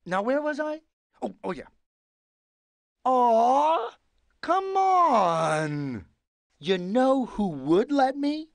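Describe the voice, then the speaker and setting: A woman's voice: high voice, sing-song, very slow, long pauses, dry recording, heavily acted. A woman voicing a pushy, whiny cartoon pigeon in a game, wheedling and bargaining with big dramatic outbursts. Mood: pleading. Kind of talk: animated game character voice.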